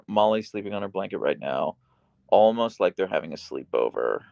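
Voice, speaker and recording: A man hosting a casual livestream from a small bedroom, reading chat aloud and cooing at his dog in a high baby-talk voice. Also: very animated, normal speed, vocal fry, no echo, dull audio.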